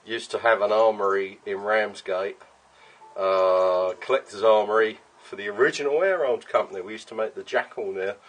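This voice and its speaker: A man, talking casually in his workshop vlog, rambling off on tangents and swearing freely as he works. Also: fairly low pitch. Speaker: workshop owner making custom paintball guns. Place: workshop with a milling machine.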